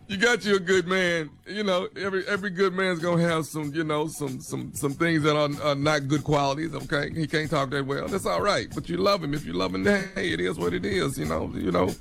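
A man's voice: on the high side, steady tone, fairly quick, vocal fry, few pauses, a bit bright. A man co-hosting, giving casual advice with a loose, repetitive, laughing manner.

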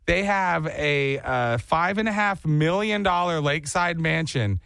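A man's voice: a little high, animated, unhurried, vocal fry, fairly bright tone, smooth, no echo. A man hosting a comedy talk show, riffing animatedly and slipping into silly put-on voices. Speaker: radio show host. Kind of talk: comedic radio banter.

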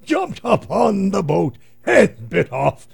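A man's voice: high voice, very animated, slow, creaky, husky, pitched above the performer's own voice, heavily acted. A man voicing a boisterous old male pirate who bellows and cackles, drawing out his words. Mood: hearty pirate.

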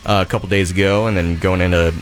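Chill rock band guy, low voice, kinda rambly, faint music behind. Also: level tone, fast. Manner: laid-back, easygoing, many fillers. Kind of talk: casual radio interview. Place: radio studio.

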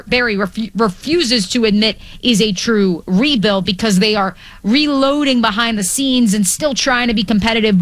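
A woman hosting sports radio talk, brisk and playful with wordplay, on a studio microphone. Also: on the high side, no room sound.

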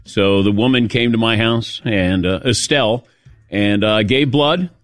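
A man's voice: fairly low pitch, a little slow, no echo, studio quality. A middle-aged man hosting a sports talk radio show, telling a self-mocking story in casual chat.

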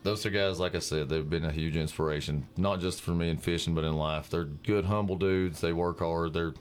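A man's voice: low voice, steady tone, fairly quick. A man, a radio guest telling fishing stories in a laid-back, chuckling way. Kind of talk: casual radio chat and storytelling.

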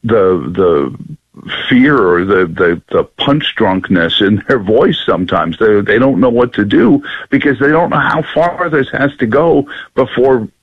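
A man who owns a local radio station, a guest on a political talk show, talking in animated bursts with restarts. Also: lowish voice, unhurried, husky, dry recording, narrow, tinny audio. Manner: animated, many fillers and restarts.

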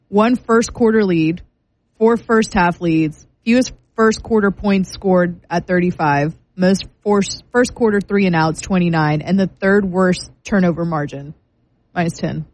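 A woman's voice: on the low side, unhurried, darkish tone, poor audio. A woman co-hosting a sports talk show, talking in an exasperated, sardonic way and rattling off stats.

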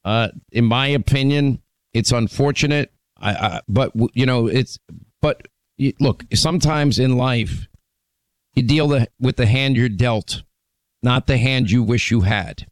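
A man's voice: medium pitch, unhurried, no room sound. A man hosting a call-in talk radio show, talking emphatically with frequent restarts as he lists his points.

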